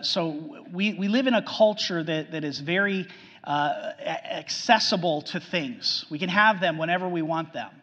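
Earnest preacher in an echoing hall. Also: male voice. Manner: earnest, repetitive, frequent restarts, swings between loud emphasis and hushed lows. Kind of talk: sermon. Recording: muffled sound with long hall reverb.

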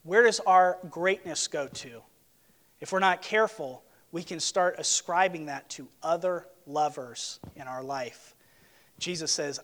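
A male pastor preaching a sermon with passion, swinging between emphatic outbursts and hushed asides. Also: fairly high pitch, measured pace.

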